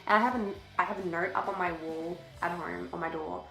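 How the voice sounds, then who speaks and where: A woman's voice: fairly low pitch, fairly even intonation, a little fast, gravelly, sharp tone, faint music behind. Teen girl vlogger, breathless and giggly, casual swearing, roomy echo. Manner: chatty, swears casually, laughs often. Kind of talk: casual chat to camera. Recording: echoey room.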